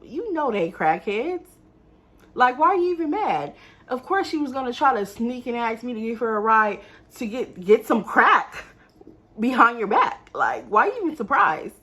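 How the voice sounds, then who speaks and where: A woman's voice: fairly high pitch, animated, moderate pace, fairly bright tone. A young woman telling a casual storytime to her viewers, often addressing them directly. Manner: exasperated, talks straight to viewers. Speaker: vlogger.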